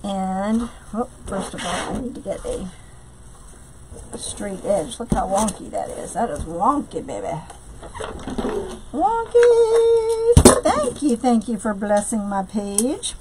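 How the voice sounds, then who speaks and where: A woman's voice: medium pitch, very noisy. A woman hosting a live craft tutorial from home, chatting with viewers and greeting them by name between steps, with lots of fillers. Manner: many fillers, slow drawn-out greetings. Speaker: craft live-stream host.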